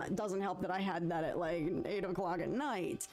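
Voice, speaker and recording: A woman's voice: fairly low pitch, fairly even intonation, fast, few pauses, a little mellow, soft background music. A young woman from the United States with a Detroit accent, chatting in a rambling, giggly way to viewers of her live stream while she draws. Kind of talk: casual chat while drawing.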